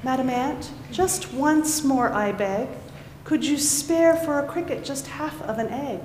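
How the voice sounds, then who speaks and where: A woman voicing a flustered, hurried male cricket who begs his neighbor for baking supplies. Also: high-pitched, a little mellow, slight background noise. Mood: pleading. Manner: breathless, hurried pleading. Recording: echoey hall with faint ambience.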